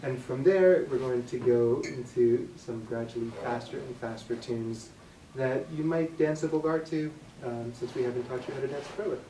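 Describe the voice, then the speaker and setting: A man's voice: mid-range voice, normal speed, slight background noise. Boston-accented man bantering on stage. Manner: relaxed, joking. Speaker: band member introducing songs. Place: concert performance space. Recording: echoey room, mic from far off.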